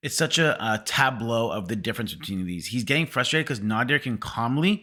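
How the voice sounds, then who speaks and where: Animated, bright-voiced male host. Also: medium pitch, quick pace. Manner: animated, enthusiastic. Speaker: film podcast host. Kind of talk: casual chat.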